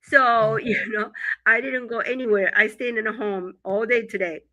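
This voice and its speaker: A middle-aged woman from Japan hosts a casual live podcast over her computer mic. Her voice is very bright and sits a little high, and a cold leaves it stuffy. She talks haltingly, with frequent fillers. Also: fairly even intonation, rough recording. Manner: halting, with many fillers and laughs. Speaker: podcast co-host. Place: home in winter.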